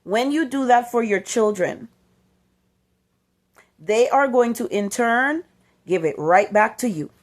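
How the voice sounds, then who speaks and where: A woman's voice: fairly high pitch, slow pace, pauses often. A mother hosting her own channel, giving an emphatic inspirational talk to parents, repeating her key points and acting out the voices she quotes. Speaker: motivational channel host and mother.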